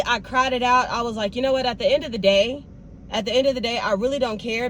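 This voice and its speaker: A woman's voice: on the high side, slight background noise. A young woman, talking casually and animatedly straight to her viewers in a vlog. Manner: animated, talks straight to viewers with "y'all" and "baby". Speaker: vlogger.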